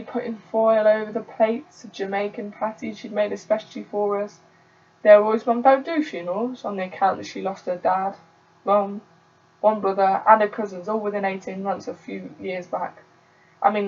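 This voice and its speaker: A young woman from England, a theatre student, performing a solo dramatic monologue in a conversational storytelling way with sudden loud outbursts. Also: mid-range voice. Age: young adult. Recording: dull, distant home recording.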